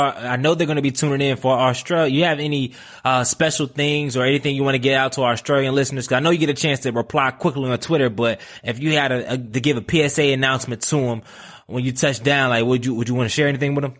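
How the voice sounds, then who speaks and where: A man hosting a podcast, chatting casually and excitably, full of slang like man and bruh. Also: medium pitch, quick pace. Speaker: podcast host. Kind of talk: casual interview chat.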